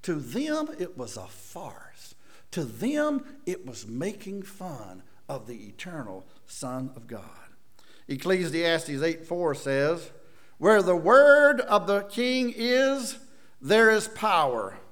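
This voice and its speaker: A male preacher delivers a sermon in a somewhat high voice with a very lively, animated pitch. He swings from forceful, loud bursts down to hushed, near-whispered lines. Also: slow pace.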